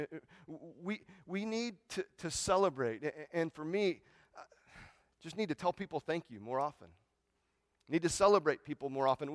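Animated preaching man, higher voice. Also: no echo. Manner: conversational preaching, frequent "right?", repeats words when he starts a sentence; swings from hushed to excited. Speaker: pastor. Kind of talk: sermon.

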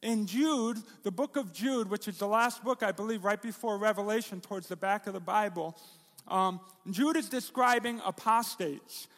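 A man's voice: high-pitched, moderate pace, a bit bright, big-room sound. A middle-aged man, a pastor, preaching a sermon in a conversational, self-deprecating way with jokes and rhetorical questions.

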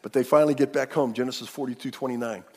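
A middle-aged male pastor preaching a sermon, retelling a scripture story with animated acted-out dialogue. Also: mid-range voice, racing, husky, long reverb tail.

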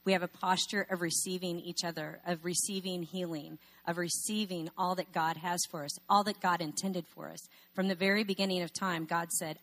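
A woman's voice: on the low side, fairly bright tone. A woman speaking in a sermon, telling a personal story and asking rhetorical questions.

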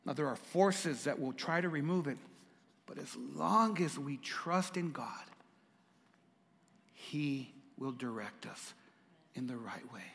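A man's voice: on the high side, lively intonation, slow, creaky, pauses often, fairly bright tone, long reverb tail. A male pastor preaching a sermon, dramatic and repeating lines for emphasis as he calls out to the congregation. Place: church.

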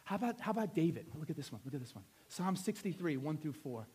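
Male preacher, very high voice, swings from low asides to shouting prayer. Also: animated, fast talker, hardly any pauses, slightly rough. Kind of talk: sermon. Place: church hall before a congregation.

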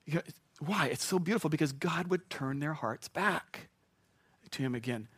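A man's voice: on the high side, normal speed, a bit bright, slightly rough, no echo. A man preaching a sermon in a jokey, chuckling, conversational way. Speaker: pastor.

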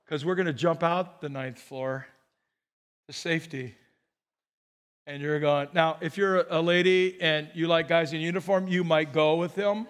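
A man preaching a sermon as pastor, animated and joking, often restarting his words. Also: on the high side, normal speed.

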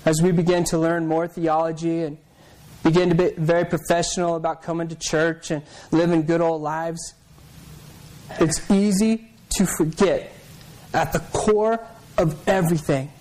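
A man with a high voice preaches a sermon in a loose, conversational style. He tells it like a story and stumbles over repeated words as he builds. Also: a little mellow, poor audio. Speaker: pastor.

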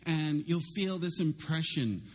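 A middle-aged male pastor preaching a sermon in a conversational, self-deprecating way, with lively swings in his voice. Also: fairly high pitch, measured pace.

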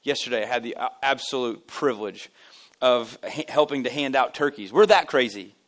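Speaking at normal speed in a mid-range voice, a man who is the lead pastor tells stories during a relaxed, joking sermon at a church service. He is animated and self-deprecating, poking fun at himself in front of his congregation.

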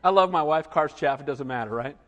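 A middle-aged man preaching a sermon, telling lively stories and asking the congregation questions. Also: a little high, a little fast, big-room sound, lo-fi sound. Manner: animated storytelling with asides to the congregation. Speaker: pastor.

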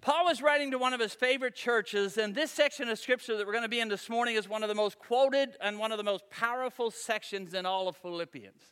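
A man's voice: high voice, quick pace, few pauses, a bit bright, smooth, big-room sound. A man preaching a sermon as pastor, talking in a conversational, folksy storytelling way.

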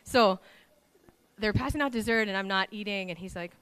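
A woman's voice: medium pitch, moderate pace, clear, resonant tone. Earnest woman telling her faith story. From Hawaii. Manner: lively storytelling, acts out quoted voices. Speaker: speaker giving a testimony. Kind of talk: personal faith testimony.

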